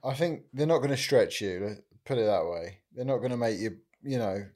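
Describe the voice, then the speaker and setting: A man's voice: mid-range voice, animated, brisk, a little mellow. A man co-hosting a comedy podcast who teases his partner with dry ribbing. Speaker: podcast co-host and producer. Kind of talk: casual comedy chat.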